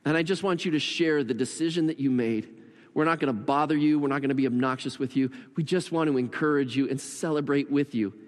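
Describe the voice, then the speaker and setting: A male pastor leading an earnest altar call and a slow, pleading prayer in a church service. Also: mid-range voice. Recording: long hall reverb.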